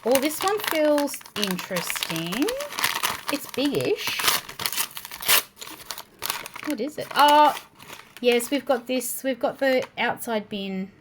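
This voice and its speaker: A woman's voice: sits high, slow pace, pauses often, very noisy. A young adult woman with an Australian accent, chatting to viewers and the toys as she unboxes and builds. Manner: animated, talks to viewers and the toys. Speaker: toy unboxing vlogger. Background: crinkling packets and plastic clicks.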